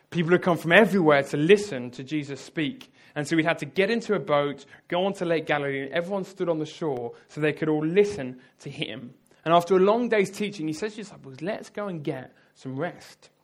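A man delivers a sermon with a slightly high voice. He tells the story with vivid energy and keeps turning to his listeners with direct asides. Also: fairly quick. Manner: lively storytelling, addresses the audience directly. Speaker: preacher.

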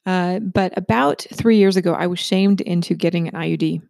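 A woman's voice: fairly low pitch, moderate pace, creaky, a little mellow, no room sound, clean studio sound. A middle-aged woman telling a personal story in a chatty monologue to listeners, often checking in with "right?".

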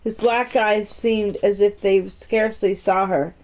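A woman narrating a storybook in a gentle, even-paced reading voice. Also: medium pitch, unhurried, few pauses. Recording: dull, muffled audio.

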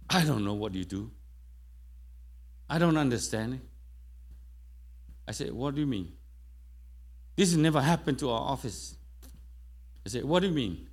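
A middle-aged man preaching a sermon, telling a personal testimony with quoted dialogue, in slightly broken English in a church. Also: medium pitch. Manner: non-native grammar, storytelling with quoted dialogue.

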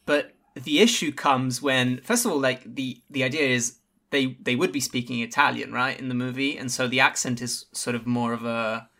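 A man's voice: medium pitch, normal speed, sharp tone. A man co-hosting a casual film podcast, rambling and hedging with lots of restarts. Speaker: podcast co-host.

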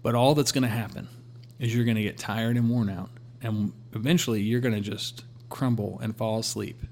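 A man sharing a personal faith testimony in a relaxed conversational way, acting out his talks with God. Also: on the low side, normal speed, slight background noise. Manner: storytelling, quotes God in a calm voice.

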